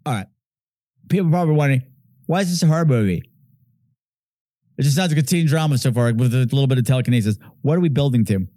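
A man hosting a casual film-review podcast, animated and mimicking characters. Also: mid-range voice, rapid-fire, no room sound, clean studio sound. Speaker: podcast host.

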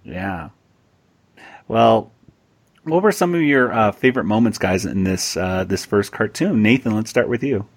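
A man co-hosting a podcast episode with a somewhat low, husky voice. He chats loosely and laughs easily, often stopping to restart his sentences. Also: animated, a little slow. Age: adult, past high school. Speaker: podcast host. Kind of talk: casual chat.

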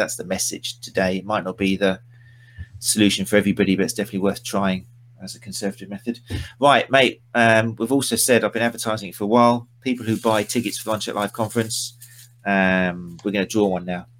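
A man hosting a casual live-stream chat, teasing and rambling with his guest. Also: lowish voice. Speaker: podcast host.

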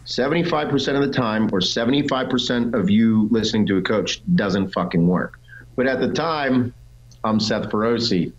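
A man's voice: lowish voice, moderate pace, highs cut off. A man, a pro bodybuilder, telling his story as the guest in a casual interview, blunt and full of swearing. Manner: blunt and profane, voices others in quotes.

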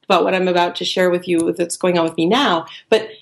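Woman life coach, interview guest; chatty storyteller with a creaky, gravelly edge who acts out the voices she quotes. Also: fairly low pitch, steady tone, fast. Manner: chatty, with many fillers and restarts.

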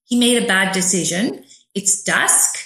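A woman's voice: mid-range voice, lively intonation, a little slow, sharp tone. Middle-aged woman guest, vivid storyteller, recorded in an echoey room. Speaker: author guest. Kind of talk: storytelling interview answers. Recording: roomy echo.

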